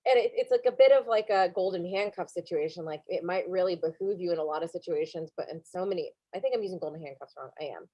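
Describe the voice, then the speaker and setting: A woman's voice: lowish voice, fast talker, hardly any pauses, warm tone, dry recording. Rambling woman podcast co-host, dry sound. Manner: rambling, self-correcting, lots of fillers. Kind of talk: casual chat recapping a cooking show.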